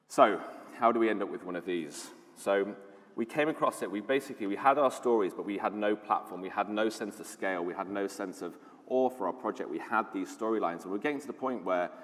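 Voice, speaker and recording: Low-voiced british guy giving a conference talk, chatty and keen, reverb from the hall. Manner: enthusiastic storytelling, conversational with fillers. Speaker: conference speaker, lead designer.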